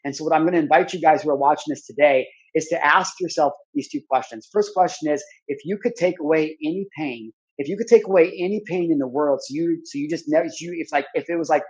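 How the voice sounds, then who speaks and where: A man's voice: a little high, fast talker, darkish tone, breathy edge, lo-fi sound. A man in his thirties, speaking as a podcast guest, tells a personal story in an earnest, rambling way full of "like" and restarts. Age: 30s.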